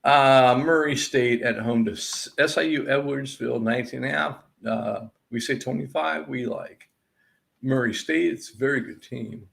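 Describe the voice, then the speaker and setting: A man's voice: medium pitch, moderate pace, creaky, a bit bright. A man hosting a sports-picks recap, going over college basketball scores in an exasperated, sarcastic rant. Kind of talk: ranting sports betting recap.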